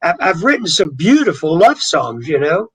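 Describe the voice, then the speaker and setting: A man's voice: a little high, normal speed, husky, low-quality recording. Older man with a Southern twang. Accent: Southern US drawl. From Louisiana. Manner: rambling, animated storyteller with many restarts. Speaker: guest singer. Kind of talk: storytelling interview.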